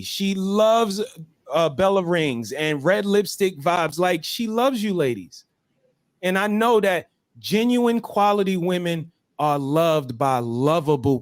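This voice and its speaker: High-voiced man preaching emphatically. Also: no echo. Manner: preaching, emphatic, repeats phrases. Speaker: show host. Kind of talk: motivational chat on a live stream.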